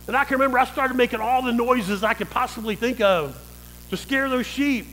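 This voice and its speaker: A man's voice: high-pitched, animated, a little fast, a bit bright, slight background noise, poor audio. A male pastor preaching a sermon, calling out to the church and asking them for an amen. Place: church sanctuary.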